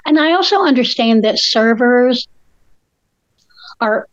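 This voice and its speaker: A woman's voice: fairly high pitch, slow, no echo, muffled recording. An older woman co-hosting a casual chat, telling stories and acting out the quotes in them. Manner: animated storyteller, acts out quotes. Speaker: co-host.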